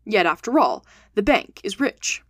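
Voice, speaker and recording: Woman reading as a cold, scheming detective guy, measured and level, dry close sound. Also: mid-range voice, sing-song, no echo. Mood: calm. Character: cool, calculating male detective.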